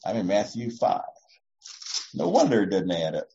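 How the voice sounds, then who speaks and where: A woman's voice: a bass voice, sing-song, normal speed. A woman pastor giving a conversational, reassuring sermon, acting out short voices as she goes. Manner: warm, reassuring, often acts out voices. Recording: dull lo-fi recording.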